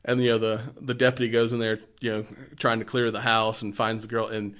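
A man's voice: on the low side, little pitch movement, brisk, fairly bright tone. A man in casual chat, retelling a movie in a rambling way, laughing often and swearing freely.

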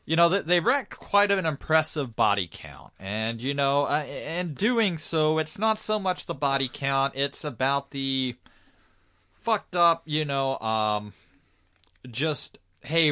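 A man's voice: medium pitch, pushed and bright, no room sound, studio quality. A man co-hosting a podcast, giving opinions in casual chat with many fillers. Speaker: podcast co-host.

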